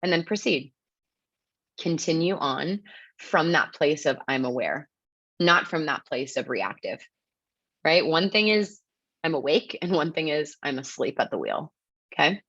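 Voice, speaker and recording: Woman with a low voice teaching a webinar, chatty and upbeat, lots of "like" and "right?", muffled lo-fi call audio. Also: lively intonation, unhurried, pauses often, fairly bright tone, no echo. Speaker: webinar presenter. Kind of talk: casual teaching talk.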